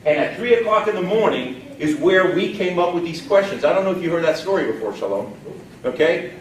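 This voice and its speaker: A man's voice: high-pitched, expressive, fairly quick, slight background noise. Folksy man training a crowd. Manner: folksy, emphatic, quizzes the audience. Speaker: sales trainer. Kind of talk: live training seminar. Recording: echoey room, distant mic.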